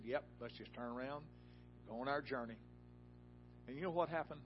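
A man preaching a sermon in a church, telling a folksy personal story that rises to loud, emphatic peaks. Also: medium pitch, fairly even intonation, brisk, dull audio, faint music behind.

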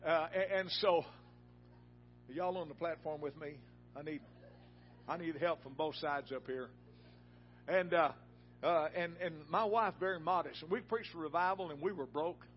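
A man preaching a sermon in a church, telling a folksy personal story that rises to loud, emphatic peaks. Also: fairly high pitch, normal speed, long pauses, lo-fi sound, a little hiss or hum.

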